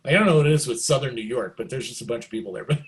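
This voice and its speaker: Middle-aged male musician guest, casual storyteller, chatty and animated, average pitch. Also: very fast. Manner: animated, jumps into excited quoted reactions; loose and chatty, many likes and you knows.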